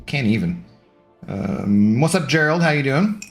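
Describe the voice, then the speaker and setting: A man's voice: mid-range voice, animated, unhurried. A young adult man streaming, chatting casually with viewers in a rambling, easygoing, self-deprecating way. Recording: faint music underneath.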